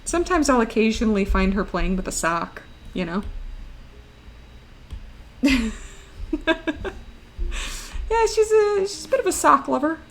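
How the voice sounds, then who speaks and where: A woman's voice: a little high, sing-song, unhurried, long pauses, slight background noise. Giggly young woman chatting while drawing. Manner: chatty and giggly, laughs often. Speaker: streamer. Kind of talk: casual chat while drawing on stream.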